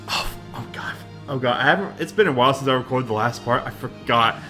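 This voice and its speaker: A man's voice: mid-range voice, a little fast, hardly any pauses, sharp tone. A man hosting a blind let's play, chatting casually and apologizing for his character voices. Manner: self-deprecating, apologetic. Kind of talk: casual gameplay commentary. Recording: faint game music underneath.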